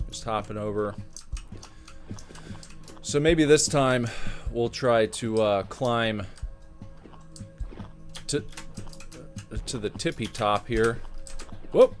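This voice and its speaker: A man giving game playthrough commentary, slowly musing over what he sees on screen with plenty of fillers and restarts. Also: lowish voice. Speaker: gameplay commentator.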